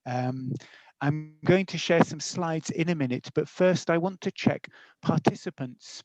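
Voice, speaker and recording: A man giving a webinar talk as a guest teacher educator, friendly and measured, with some fillers. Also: on the high side, a little mellow, dry recording, low-quality recording. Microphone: video call.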